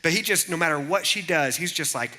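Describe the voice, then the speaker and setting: A man's voice: on the high side, animated, a little fast, pushed and bright. A man in his thirties giving a casual youth sermon, telling personal stories in a chatty way and calling on the audience for answers. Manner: chatty, storytelling, calls on the audience.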